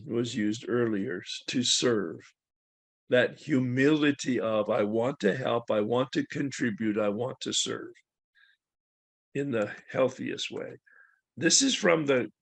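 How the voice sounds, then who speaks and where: A man giving a slow, measured spiritual talk as a recovery program speaker. He leans on key words and often clears his throat. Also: medium pitch.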